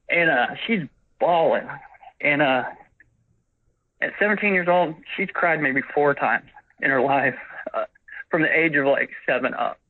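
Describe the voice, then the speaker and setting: Caller, man, forties, somewhat high voice, rambling storyteller, thin phone-line sound. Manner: rambling, acts out quoted dialogue. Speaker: witness caller.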